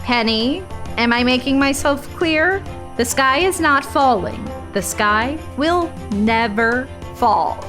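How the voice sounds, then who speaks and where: A woman's voice: high-pitched, expressive, takes it slowly, over music. A woman voicing an anxious, motherly hen in a children's storybook, prim and reassuring until she panics. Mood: earnest.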